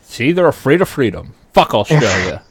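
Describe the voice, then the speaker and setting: A man co-hosting a podcast, ranting loud and profane in casual chat. His voice sits at a middle pitch. The sound is close and dry, with no room. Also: very animated, normal speed, husky, no echo. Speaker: podcast co-host.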